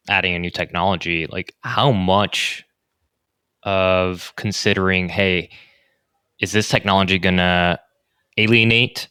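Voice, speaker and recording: Smooth low-voiced male co-host. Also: bright, forceful tone, no room sound, clean studio sound. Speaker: podcast co-host. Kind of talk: casual podcast chat.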